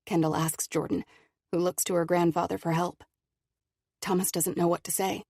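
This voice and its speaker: A woman narrating an audiobook in an even, measured way. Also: lowish voice, gravelly, no echo, clean studio sound. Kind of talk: scripted narration.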